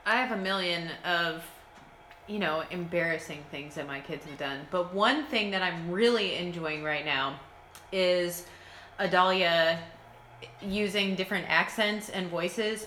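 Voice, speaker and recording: Woman from scotland co-hosting a chat show, low-ish bright voice, laughs a lot, echoey room. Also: a little slow. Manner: animated, laughs easily. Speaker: podcast co-host. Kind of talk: casual chat. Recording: echoey room with faint noise.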